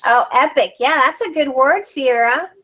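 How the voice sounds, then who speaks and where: A woman's voice: sits high, animated, normal speed, pushed and bright. A woman hosting a crafting livestream, chatting casually and reading out viewer comments while she works. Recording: dull lo-fi sound.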